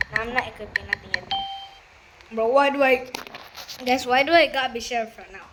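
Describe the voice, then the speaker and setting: A woman giving casual, slangy commentary while playing an online game, excitable and quick to rant. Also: a little high, noisy background. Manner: slangy, keeps saying bro.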